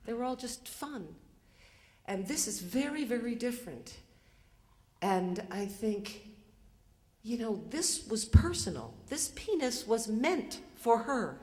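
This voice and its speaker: A woman's voice: fairly high pitch, big pitch swings, slow, dark tone. Older woman telling a story on stage. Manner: conversational, self-mocking, with lots of fillers. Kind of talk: live personal storytelling. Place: theater stage. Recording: live stage recording in a reverberant hall.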